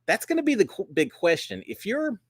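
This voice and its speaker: Folksy man with a lively voice. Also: high-pitched, a little fast, husky, dry recording, clean studio sound. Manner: folksy and upbeat, many "uh" fillers. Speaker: host. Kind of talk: casual livestream chat.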